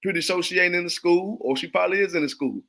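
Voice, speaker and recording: A man's voice: sits high, quick pace, vocal fry, a bit bright. A man, teaching a religious class in a blunt, profane preaching style, often asking if the listener understands. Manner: blunt, repetitive, keeps asking "you understand me".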